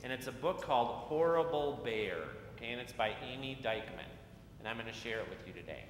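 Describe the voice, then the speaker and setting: Man giving a children's message in church. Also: a little fast. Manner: friendly, asks children questions. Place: church sanctuary. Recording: echoey church hall, faint rumble.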